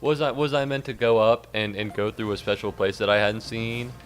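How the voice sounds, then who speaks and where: A man giving rambling, jokey commentary while streaming a game, breaking into squeaky outbursts. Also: steady tone, fairly quick, slight background noise. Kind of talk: casual gaming commentary.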